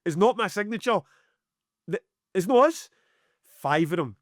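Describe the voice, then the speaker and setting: A man's voice: high voice, measured pace, dry recording, clean studio sound. Scottish man, sweary raised voice. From Scotland. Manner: animated, heavy swearing, acts out dialogue. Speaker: podcast co-host, music promoter. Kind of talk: casual storytelling chat.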